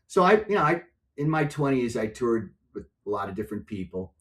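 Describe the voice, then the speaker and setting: An older man, a music and software executive, telling stories as a podcast guest and acting out other people's voices. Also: mid-range voice, brisk. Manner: animated storyteller, acts out voices in anecdotes. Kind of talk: storytelling in a podcast interview.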